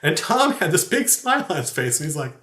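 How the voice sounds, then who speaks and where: Very animated and fairly quick, a man with a voice on the high side tells a story from the tabletop game he runs as game master and podcast host. The recording is very noisy with roomy echo, and his casual telling rambles, laughs, and restarts a lot.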